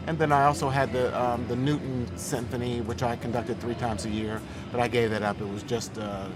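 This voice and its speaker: A man who directs opera and choral studies, answering thoughtfully in a relaxed interview and pausing often. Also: mid-range voice, loud music behind the voice. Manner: thoughtful, hesitant, with fillers.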